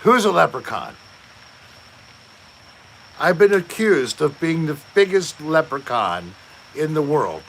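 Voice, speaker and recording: Male host, gravelly, unhurried, jokey livestream chat, faint background hiss. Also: a little high, big pitch swings, a bit bright. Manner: slow, joking, reads chat aloud. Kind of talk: casual live-stream chat.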